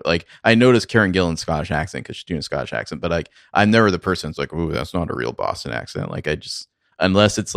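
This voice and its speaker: A man's voice: deep voice, fairly bright tone, dry recording. A man co-hosting a casual film review chat with wry, dry humor and repeated words. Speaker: podcast co-host.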